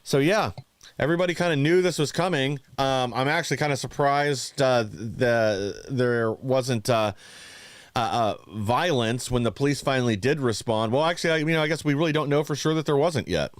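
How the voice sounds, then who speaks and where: A man's voice: medium pitch, moderate pace, no echo. A man co-hosting a political podcast, speaking earnestly with many hesitations. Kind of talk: casual political talk.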